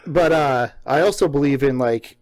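A man co-hosting a casual chat, reacting in a relaxed way and sharing his own views. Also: mid-range voice, normal speed, no room sound. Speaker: podcast co-host.

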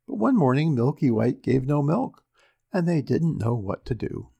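A man reading classic fairy tales aloud in a steady, unhurried storybook narration. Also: medium pitch, vocal fry, slightly rough.

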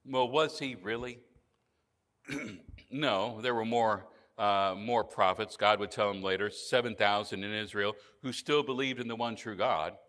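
A male pastor preaching a sermon in an earnest manner, often dropping to a soft, low voice for emphasis. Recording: church hall reverb.

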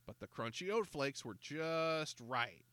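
A man reading a children's mystery aloud, voicing a giggly, mischievous five-year-old girl in a soft, playful voice. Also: fairly high pitch, lively intonation, takes it slowly, no echo, full character voice.

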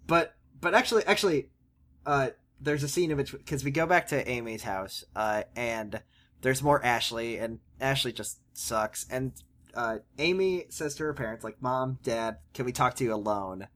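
A man in casual chat, animated and sarcastic, recapping a TV show. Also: medium pitch, moderate pace. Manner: animated, sarcastic, fillers and restarts. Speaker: podcast co-host.

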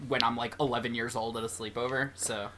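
Bright, quippy podcast co-host. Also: medium pitch, little pitch movement, quick pace, a little hiss or hum. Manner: quippy, playful. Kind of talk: casual podcast chat.

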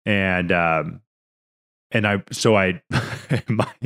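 Low-voiced man telling a story earnestly. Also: slow, fairly bright tone, smooth. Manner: earnest, rambling storytelling with many restarts. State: emotional, near tears. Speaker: podcast co-host. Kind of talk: casual podcast conversation.

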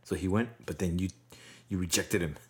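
A man's voice: low voice, steady tone, brisk, slightly rough. A man in casual chat, easygoing and supportive, chiming in on a shared story.

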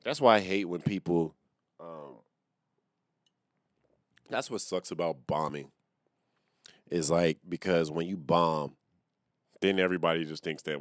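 Deep-voiced and speaking at a measured pace with long pauses, a man hosts a solo comedy podcast as a stand-up comedian. He rambles in a casual rant, profane and slangy, laughing at his own jokes, and the studio sound is clean with no echo.

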